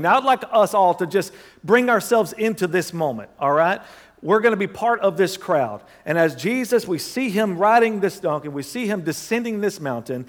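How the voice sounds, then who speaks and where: A man's voice: high-pitched, big pitch swings, moderate pace. A man preaching a sermon in a church, reading scripture with conversational asides to the congregation and leading prayer with rising fervor. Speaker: pastor. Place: church sanctuary. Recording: long hall reverb.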